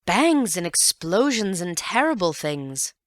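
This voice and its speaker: A woman's voice: on the low side, very animated, slow, no room sound, clean studio sound, pitched above the performer's own voice. A woman doing a fretful, quavering older aunt. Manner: quavering, easily alarmed.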